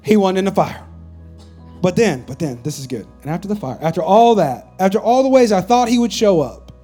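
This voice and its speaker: A man with a high-pitched voice preaches a sermon from a church stage. He drops to near-whispers, then climbs to shouts, and throws call-and-response asides to the congregation. Soft music plays faintly behind him. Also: lively intonation, a little fast, husky. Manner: swings between hushed near-whispers and loud shouts. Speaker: pastor.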